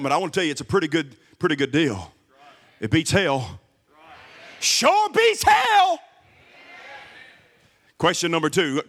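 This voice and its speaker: A man giving a sermon as a guest pastor in a church, swinging from shouted emphasis to low, quiet asides. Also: big-room sound. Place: church service.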